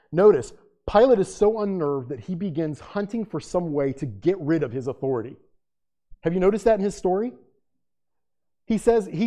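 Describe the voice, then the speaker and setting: A man's voice: on the high side, mellow. A man preaching a sermon in a dramatic style, firing off repeated rhetorical questions and acting out the quotes he reads. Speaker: pastor.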